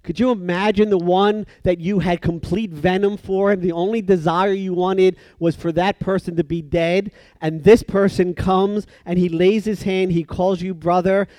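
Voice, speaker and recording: A man preaching a sermon who acts out the voices in the story he tells, swinging between loud emphatic bursts and soft hushed lines. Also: high voice, dry recording.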